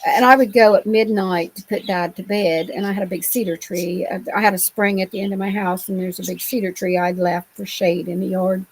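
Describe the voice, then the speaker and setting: Gravelly-voiced woman telling her story. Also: medium pitch, steady tone, brisk, few pauses, low-quality recording. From Ohio. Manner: rambling, colloquial, many restarts. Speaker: interview guest. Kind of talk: telling personal encounter stories.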